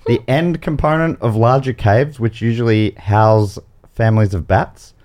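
A man's voice: mid-range voice, fairly even intonation, measured pace, a little mellow. A man with an Australian accent hosting a comedy trivia podcast, explaining the rules with wry, joking asides. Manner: wry, jokey rule explanations with playful asides. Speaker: game show host.

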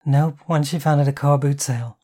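An insecure young woman groans and mumbles her worries, as the narrator plays her. Her voice sits in a mellow, dark register and turns higher when she frets. It is the first-person lead of an audiobook. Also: steady tone, fairly quick. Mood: sheepish.

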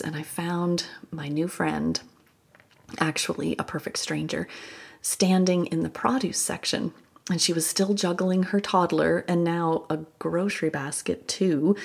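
A woman hosting a Christian podcast, telling a personal story in a soft, reflective way with breathy, whispered asides. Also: fairly low pitch. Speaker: podcast host.

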